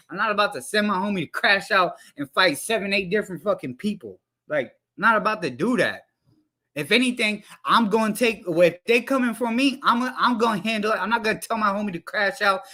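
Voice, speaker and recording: A man's voice: high-pitched, pushed and bright. A man hosting a livestream, ranting with heated, profane commentary into a headset mic.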